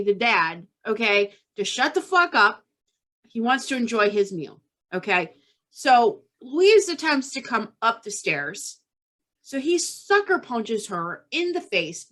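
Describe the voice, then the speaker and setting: A woman's voice: fairly high pitch, fairly bright tone. A woman hosting a podcast, telling a true-crime story casually and tagging her lines with "okay?". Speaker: podcast host.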